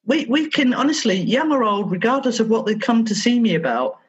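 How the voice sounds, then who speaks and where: Animated husky-voiced woman therapist. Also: on the high side, a little fast, highs cut off. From England. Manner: animated storyteller, acts out exchanges with children. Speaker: therapist guest. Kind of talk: podcast interview.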